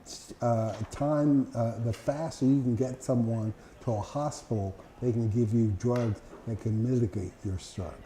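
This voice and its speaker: An older man answering interview questions as a guest, halting, with many fillers and slow careful words, his speech tiring and falling apart. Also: medium pitch, steady tone, warm tone. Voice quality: speech that tires and falls apart. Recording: echoey room with faint noise.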